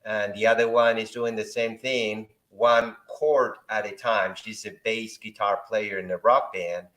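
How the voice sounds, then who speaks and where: A man's voice: on the low side, fairly even intonation, unhurried, a bit bright. A man in his fifties from Argentina, a guest speaking in a friendly, easygoing way and often repeating words as he starts a thought. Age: 50s. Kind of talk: casual interview talk. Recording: echoey room.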